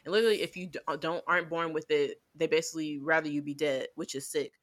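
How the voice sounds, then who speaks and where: A woman's voice: low-pitched, steady tone, fast talker. A woman co-hosting a podcast, chatting casually and rambling with lots of fillers as she animatedly retells scenes. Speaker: podcast co-host. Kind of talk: casual anime review chat.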